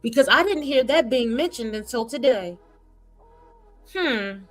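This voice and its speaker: A woman's voice: a little high, fairly quick, faint music behind. A woman streamer giving sarcastic, gossipy commentary on clips she plays. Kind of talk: reaction commentary.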